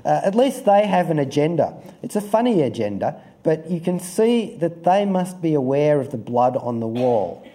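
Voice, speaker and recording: A man's voice: on the high side, sing-song, moderate pace, mellow. A man giving an amused, rambling review in a casual chat, full of fillers and asides.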